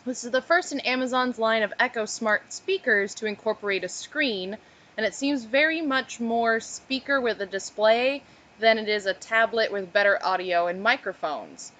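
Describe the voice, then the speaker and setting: A woman's voice: a little high, moderate pace, a bit bright, poor audio. A woman co-hosting a casual podcast, reading an article aloud and breaking off with offhand asides. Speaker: podcast co-host.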